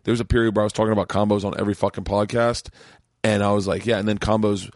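A man's voice: lowish voice, rapid-fire, no room sound. Man, middle-aged podcast host: loose, swearing storyteller, dry close sound. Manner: profane, animated storyteller. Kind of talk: casual chat.

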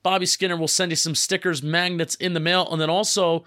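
A young man from New Jersey co-hosting a casual sports podcast, upbeat and excitable. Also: high voice, no echo, studio quality. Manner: upbeat, excitable, hurried asides. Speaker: podcast co-host.

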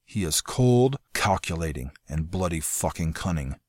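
Gruff mercenary commander, proud, blunt, sardonic storybook voice, done by a man. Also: low voice, expressive, a little slow, darkish tone, no room sound, clean studio sound. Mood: wry.

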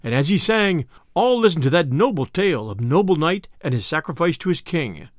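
A male storyteller with a fairly high voice that rises and falls with great liveliness. His reading is expressive and theatrical, recorded close and bone dry. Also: fairly quick, dry recording. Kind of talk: scripted narration of a classic tale.

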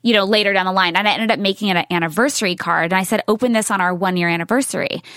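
Woman, 30s, podcast guest, rapid chatter, dry close sound. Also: mid-range voice, a bit bright, no room sound. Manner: gushing, storytelling with many "like"s. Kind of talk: casual chat.

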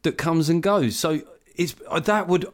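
A man's voice: on the high side, measured pace. Wry ranting man in his forties. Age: 40s. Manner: wry, ranting, mimics others in quoted voices. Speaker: comedian guest. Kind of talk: casual podcast chat.

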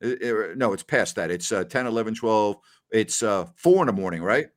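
A man hosting a casual post-game livestream, animated as he reads out viewer comments. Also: on the low side, moderate pace. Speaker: podcast host.

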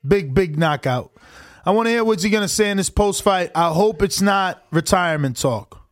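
A man hosting a livestream, reacting to a fight with slangy, excitable commentary. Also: high-pitched, normal speed. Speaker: livestream host. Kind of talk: casual live watch-along commentary.

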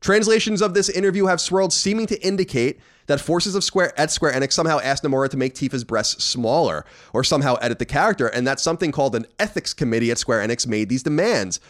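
A man's voice: a little high, fast talker, hardly any pauses. A man co-hosting a gaming podcast, chatting casually and running through news with strong opinions. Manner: animated, opinionated, swears casually. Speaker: podcast co-host. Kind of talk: casual chat and news rundown.

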